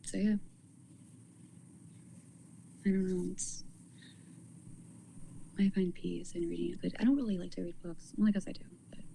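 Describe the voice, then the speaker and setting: Low gravelly woman rambling on a livestream. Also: steady tone, mellow, a little hiss or hum, poor audio. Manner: rambling, halting, repeats words. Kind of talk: casual livestream talk.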